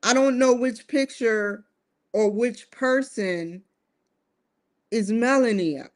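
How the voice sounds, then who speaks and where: A woman's voice: fairly high pitch, slow pace, a little mellow. A woman vlogging to camera in a casual monologue, musing and putting questions straight to her viewers. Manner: musing, addresses viewers directly with rhetorical questions.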